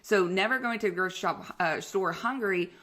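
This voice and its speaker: A young woman hosting a podcast as a coach, telling stories in a casual, slangy, animated way and laughing often. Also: medium pitch, fairly quick.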